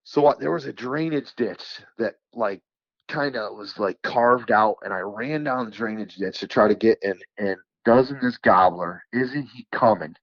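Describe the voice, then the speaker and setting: Lower-voiced man spinning a lively yarn. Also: measured pace, no echo, muffled recording. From New York. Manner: animated storyteller, fillers like "you know", repeats words for emphasis. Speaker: podcast guest, turkey caller. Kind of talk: casual anecdote telling.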